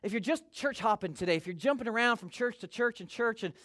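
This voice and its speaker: A man's voice: sits high, expressive, quick pace, fairly bright tone. A man preaching a sermon as a pastor, talking conversationally and acting out quoted voices.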